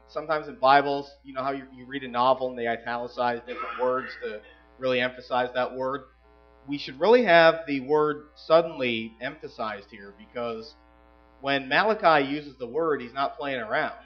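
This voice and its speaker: A man preaching a sermon as pastor, emphatic, swinging between loud passages and hushed asides. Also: a little high, highs cut off.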